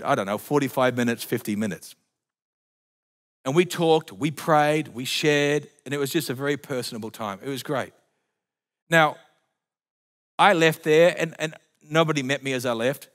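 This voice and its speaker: A male pastor telling stories in a sermon, acting out the conversations in different voices. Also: a little high. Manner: animated storyteller acting out conversations. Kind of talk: sermon storytelling. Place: church.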